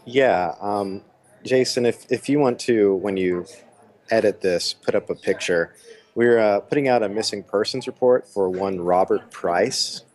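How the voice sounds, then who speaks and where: A man co-hosting a casual podcast, speaking deadpan and mock-serious from a coffee shop over a remote call. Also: on the low side, a little slow. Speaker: podcast co-host.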